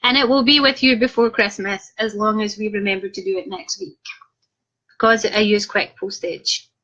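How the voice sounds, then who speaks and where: A Scottish woman, an author, chats casually on a live stream, reading out comments and tossing in jokey asides. Her voice is medium-pitched and fairly bright, with fairly even intonation and a moderate pace. The stream audio is slightly muffled and lo-fi.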